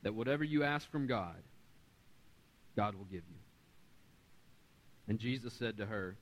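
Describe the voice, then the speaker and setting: A man in his thirties preaching a sermon, animated, swinging between loud and quiet and acting out the voices he quotes. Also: lowish voice, measured pace, long pauses. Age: 30s. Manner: acts out quoted voices in conversational storytelling. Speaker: pastor.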